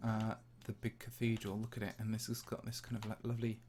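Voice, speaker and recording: A man's voice: fairly low pitch, monotone, quick pace, darkish tone, slight background noise. Chatty man with a slightly posh English accent. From English Midlands. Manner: chatty and rambling, answers viewer questions. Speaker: Minecraft channel host. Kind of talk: casual livestream chat while touring a game map.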